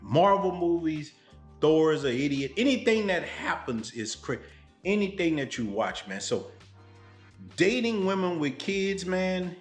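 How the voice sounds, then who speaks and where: A man from Louisiana telling stories on his vlog in a blunt, animated, street-style way. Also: on the high side, measured pace, reverberant, faint music behind. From Louisiana, United States. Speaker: vlogger. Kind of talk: storytelling vlog.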